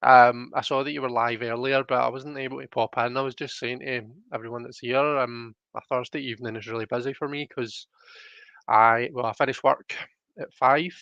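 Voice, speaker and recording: A young man with a Scottish accent rambles easily through viewer comments on a live stream, with plenty of ums and restarts. His voice sits at an ordinary middle pitch. The sound is dry and slightly dull. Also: fairly even intonation, normal speed, creaky, a bit bright, dry recording. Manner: rambling, chatty, frequent fillers. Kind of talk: casual live chat reading comments.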